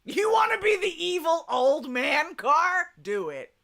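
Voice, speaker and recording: A woman's voice: extremely high pitch, big pitch swings, measured pace, creaky, a bit bright. A young woman with a Southern US accent chatting casually on a live stream, laughing often and swearing freely. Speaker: streamer chatting with her chat.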